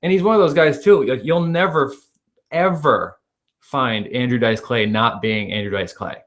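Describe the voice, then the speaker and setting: A man's voice: mid-range voice, moderate pace. A young man hosting a podcast in casual, profane, rambling chat, often laughing. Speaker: podcast host.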